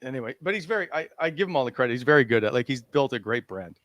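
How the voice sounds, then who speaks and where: A man's voice: mid-range voice, lively intonation, racing, fairly bright tone, dry recording, clean studio sound. A man co-hosting a hockey podcast, chatting casually and asking questions about stats. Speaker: podcast co-host. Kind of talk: casual sports chat.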